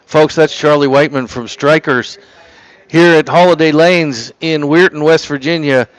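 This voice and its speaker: A man's voice: fairly high pitch, moderate pace, dry recording, low-quality recording. A man hosting a casual on-location radio interview, joking and laughing, and losing his voice. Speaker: radio show host.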